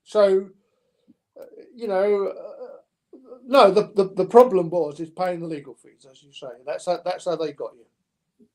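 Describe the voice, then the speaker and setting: Older man, high animated storyteller. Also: unhurried, long pauses. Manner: anecdotal, animated, with mimicked dialogue. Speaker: podcast guest. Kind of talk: storytelling interview.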